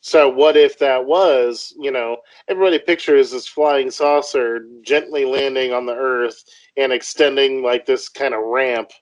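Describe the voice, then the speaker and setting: A man's voice: mid-range voice, fairly even intonation, measured pace, hardly any pauses, no room sound, rough recording. A man co-hosting a casual podcast chat, jokey and rambling, laughing often. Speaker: podcast co-host.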